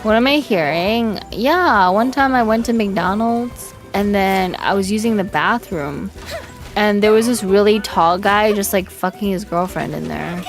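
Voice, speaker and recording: A woman's voice: mid-range voice, measured pace, soft background music. A woman streamer chatting casually on a livestream, telling crude stories with frequent giggles and lots of "like". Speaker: vtuber streamer.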